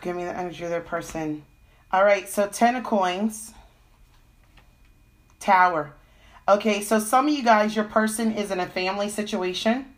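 A woman's voice: medium pitch, moderate pace, pauses often. A woman with a cold giving a casual live-stream tarot reading, full of fillers and "okay?" check-ins. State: has a cold. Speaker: tarot reader.

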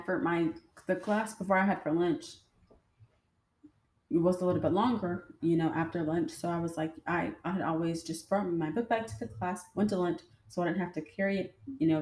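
Chatty woman telling stories, lowish mellow voice. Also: moderate pace. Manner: chatty, addresses listeners directly. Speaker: podcast host. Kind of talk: casual storytelling. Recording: roomy echo.

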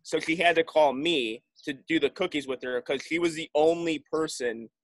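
A man's voice: on the high side, moderate pace, no echo. A man talking in a loose, rambling way as a podcast guest, often restarting his sentences. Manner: rambling, restarts with many likes. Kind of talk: casual chat.

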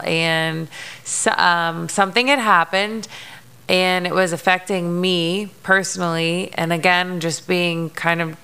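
Young female podcast host; candid, swears a lot, gravelly fry in a smooth voice. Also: lowish voice, pushed and bright. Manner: frank and emotional, swears freely, many fillers. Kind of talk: candid personal monologue.

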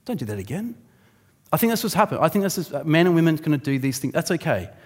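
A man preaching a sermon in a conversational, animated way, acting out the voices he quotes. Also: a little high, very fast. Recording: long hall reverb.

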